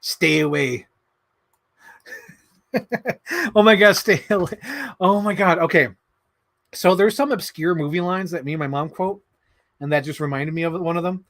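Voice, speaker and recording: A man hosting a casual livestream, answering chat in an animated, excitable way with many fillers. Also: on the high side, moderate pace, gravelly, long pauses. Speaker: livestream host reading chat.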